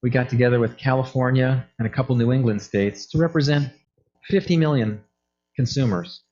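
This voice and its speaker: A man delivers a conference talk in a conversational way, now and then slipping into quick quoted exchanges. His voice sits at an ordinary middle pitch. The audio is a little dull and muffled. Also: a little mellow. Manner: conversational, acts out quoted phone calls. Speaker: energy efficiency product manager giving a talk.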